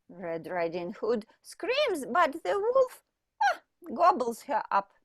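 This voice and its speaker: A woman reads a storybook to young learners in a high, sing-song voice that rises and falls a lot. She speaks very slowly and pauses to point at the pictures. The sound is close and dry. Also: no room sound. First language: Russian. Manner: slow, expressive, pointing at pictures. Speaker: English teacher for children. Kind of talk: reading a picture book aloud to children.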